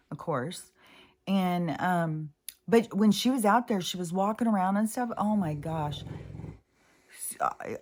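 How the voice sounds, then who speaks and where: Female vlogger, slightly low pitch; loose, emotional, meandering delivery with fillers and cursing. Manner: rambling and emotional, with many fillers and swearing. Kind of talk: casual spoken monologue.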